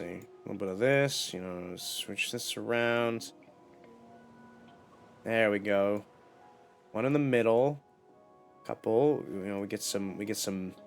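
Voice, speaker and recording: Chatty, animated male game streamer. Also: lowish voice. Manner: chatty, playful self-talk. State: slight cough. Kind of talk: casual live gameplay chat.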